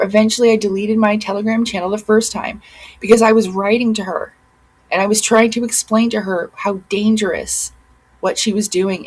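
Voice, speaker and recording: A woman's voice: medium pitch, poor audio. A woman hosting her own commentary vlog, speaking earnestly and insistently, often repeating herself for emphasis. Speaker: commentary channel host.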